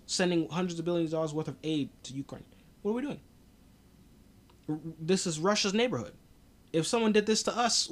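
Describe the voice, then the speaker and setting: A man hosting a podcast, giving casual political commentary in a blunt, profane way with frequent restarts. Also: sits high. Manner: blunt, profane, laughs often, restarts a lot. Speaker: podcast host.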